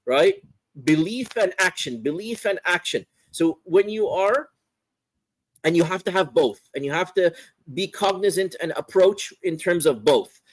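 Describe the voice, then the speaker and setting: A man teaching a religious course, explaining a text in an unhurried lecture and often repeating phrases and asking "right?". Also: sits high, expressive, dry recording, rough recording. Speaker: Islamic scholar teaching a course.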